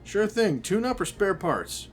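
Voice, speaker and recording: A man's voice: high voice, very animated, measured pace, soft background music, pitched above the performer's own voice. A man voicing a brusque but cheerful hungover street doctor in his forties, blunt and jovial.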